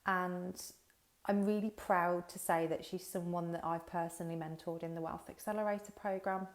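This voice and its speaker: A woman's voice: fairly low pitch, steady tone, normal speed. Chatty sweary woman hosting a livestream. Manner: chatty, swears freely, talks to viewers directly. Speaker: business coach hosting a livestream. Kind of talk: casual livestream chat. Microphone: headphones with mic.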